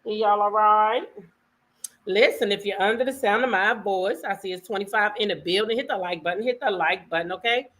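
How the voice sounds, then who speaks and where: A woman hosting a casual live stream, greeting her viewers by name and chatting with them, her voice a little hoarse. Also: medium pitch, fairly quick, fairly bright tone. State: voice a bit hoarse. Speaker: livestream host.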